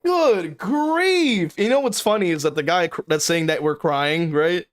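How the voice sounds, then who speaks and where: Brief: young man, high voice, venting casually to chat while gaming, sweary and exasperated. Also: fairly quick, a little hiss or hum. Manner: exasperated, swearing, frequent laughs. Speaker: game streamer. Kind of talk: casual livestream commentary.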